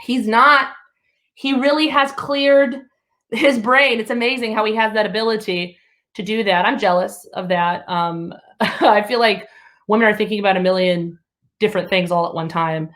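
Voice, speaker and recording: A woman in her thirties from Alabama doing stand-up, telling stories in an animated, chatty way with laughs between lines. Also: mid-range voice, moderate pace. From Alabama, USA. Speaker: comedian. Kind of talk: stand-up comedy.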